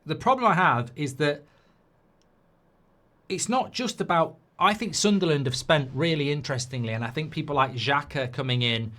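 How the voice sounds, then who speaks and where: A man's voice: a little high, animated, normal speed, fairly bright tone. A man giving football predictions in a rambling, jokey way, often interrupting himself. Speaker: football pundit. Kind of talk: casual football predictions chat.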